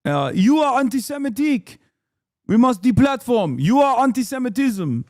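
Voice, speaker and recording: A man's voice: extremely high pitch, big pitch swings, moderate pace, a little mellow, no room sound, studio quality, voice pushed up. A man voicing a smug, entitled caricature of an Israeli official, with a mocking, exaggerated accent.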